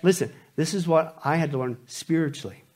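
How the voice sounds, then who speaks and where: A man preaching a sermon, animated and joking, dropping from loud bursts to hushed lines. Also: a little high, fairly quick. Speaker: pastor.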